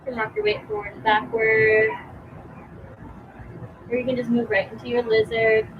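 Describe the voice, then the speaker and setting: A young woman teaching a yoga class outdoors, giving calm, encouraging cues with casual fillers, a bit out of breath. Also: a little high, moderate pace, phone-quality sound, background noise. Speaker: yoga instructor. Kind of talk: guided yoga class instruction.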